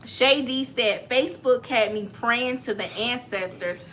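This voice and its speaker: Southern lady reading comments out loud on a chat stream, blunt and jokey, little hum behind her. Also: on the high side, measured pace. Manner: reads out viewer comments, blunt and laughing. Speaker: co-host reading viewer comments. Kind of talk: casual chat.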